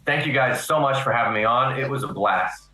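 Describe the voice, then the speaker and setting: A man chatting as a guest on a live panel stream, laying out his points calmly. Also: medium pitch, fairly quick, reverberant, over loud music, rough recording. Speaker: guest YouTuber. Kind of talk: casual panel chat.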